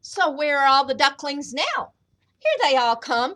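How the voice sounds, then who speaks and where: A woman librarian reading a picture book aloud to children at storytime, expressive and animated. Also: high voice, measured pace.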